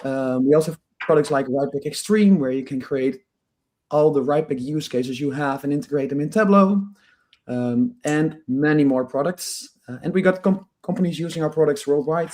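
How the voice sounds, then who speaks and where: Husky-voiced man with a cold. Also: medium pitch, normal speed, darkish tone. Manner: restarts, repeats words. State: hoarse from a cold. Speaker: guest, company founder. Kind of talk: casual interview talk.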